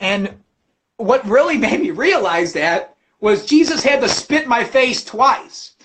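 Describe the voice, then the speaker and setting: A man hosting a livestream, ranting about religion with constant cursing and animated storytelling. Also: extremely high pitch, a little slow. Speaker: livestream host. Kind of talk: profane religious rant.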